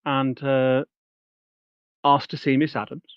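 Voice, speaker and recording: A man's voice: mid-range voice, level tone, slow pace, clean tone, no echo, dull audio. A man playing a tabletop game, speaking hesitantly with many fillers. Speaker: player. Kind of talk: casual tabletop play.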